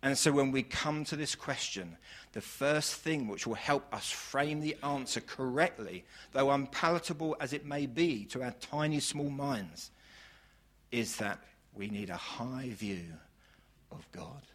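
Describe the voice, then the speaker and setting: A male preacher delivering an emphatic sermon at a mid pitch for a man. He rises to loud, fervent declarations, then drops to quiet, drawn-out phrases. He stacks word after word of praise in long lists. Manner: swings from loud declaration to hushed, slow lines.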